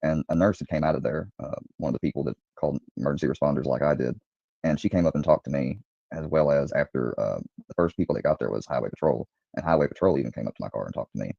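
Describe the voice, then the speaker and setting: Man, very deep, gravelly, dark tone, hesitant retelling, many fillers, dull lo-fi clip. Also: fast, dry recording. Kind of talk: recounting events.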